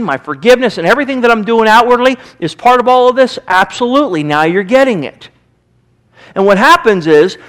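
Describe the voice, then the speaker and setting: A man's voice: very high-pitched, fairly bright tone. A man with a Midwestern American accent preaching a sermon as pastor, emphatic and conversational, acting out little quotes. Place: church sanctuary.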